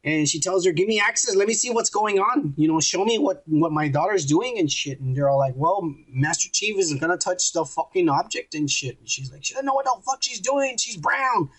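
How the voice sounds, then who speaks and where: Husky, crude podcast co-host man. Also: high voice, animated, a little fast, few pauses, a bit bright, poor audio. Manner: crude, rambling, acts out quotes. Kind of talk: casual profane recap chat.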